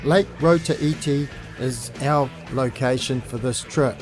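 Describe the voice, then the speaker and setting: A man, hosting a fishing show and giving a steady, informative scripted voice-over. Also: medium pitch, slow pace, music in the background.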